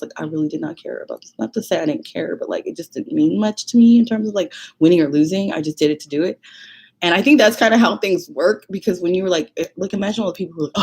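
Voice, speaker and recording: A young woman tells a personal story straight to her viewers, casual and rambling, sprinkling "like" everywhere. Her voice sits a little low and has a breathy, husky edge. She laughs easily and slips into a higher voice to act out what people said. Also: darkish tone. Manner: chatty, many "like"s, laughs often, acts out quotes in a high voice. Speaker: vlogger.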